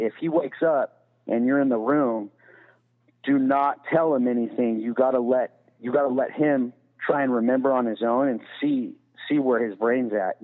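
Profane man rambling over a tinny line. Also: medium pitch. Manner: profane, rambling, peppered with "you know". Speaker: podcast guest. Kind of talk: casual storytelling. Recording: tinny phone-like sound with long reverb.

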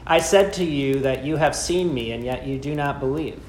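A man preaching a sermon, asking rhetorical questions and slowing down with dramatic pauses. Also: medium pitch, a little mellow, slight background noise. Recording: echoey room with faint ambience.

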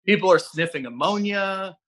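A man's voice: sits high, moderate pace. A middle-aged man, a fitness coach and guest host, chatting casually on a podcast and telling stories in a rambling way, often acting out other people's voices. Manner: animated storyteller who acts out other people's voices; rambling, with many restarts.

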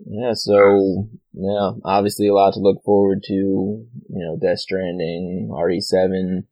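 A man's voice: deep voice, flat delivery, unhurried, dry recording. A man co-hosting a casual video game podcast, talking loosely and leaning on hedging fillers. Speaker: podcast co-host. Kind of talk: casual game discussion chat. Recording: slightly dull, dry lo-fi recording.

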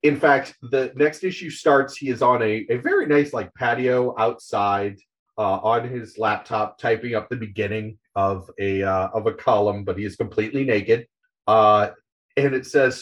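A man's voice: fairly low pitch, moderate pace. A man hosting a podcast, casually recapping a comic in a loose, profane way.

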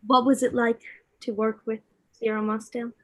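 A woman's voice: a little high, flat delivery, normal speed, rough recording. Woman interviewer asking short questions. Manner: brief prompting questions.

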